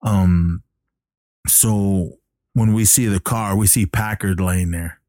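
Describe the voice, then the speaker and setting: A man's voice: deep voice, fairly even intonation, slow pace, warm tone, no room sound, clean studio sound. A man casually retelling a movie plot, rambling with lots of fillers. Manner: rambling, filler-heavy storytelling.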